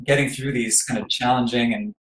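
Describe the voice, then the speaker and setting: A man's voice: mid-range voice, steady tone, brisk, fairly bright tone. A man interviewing a singer, chatty and hesitant with lots of ums. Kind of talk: casual interview chat. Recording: roomy echo.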